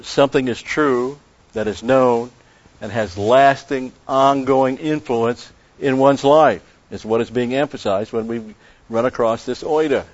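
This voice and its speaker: A man teaching the Bible in an expository sermon, emphatic, repeating key phrases and slowing down on Greek words. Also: mid-range voice. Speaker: preacher. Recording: dull lo-fi recording.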